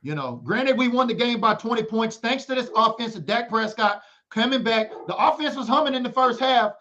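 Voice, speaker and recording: High-voiced hyped sports podcaster man. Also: lively intonation, a little fast, sharp tone. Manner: hyped, playful trash talk. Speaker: podcast co-host. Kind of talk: casual sports talk. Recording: dull lo-fi audio.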